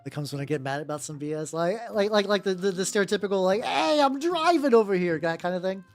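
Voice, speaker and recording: A streamer paints miniatures and chats casually on a live stream, talking at a quick pace in a mid-range voice with no notable accent. Expect rambling, lots of fillers, and casual swearing, all over faint background music.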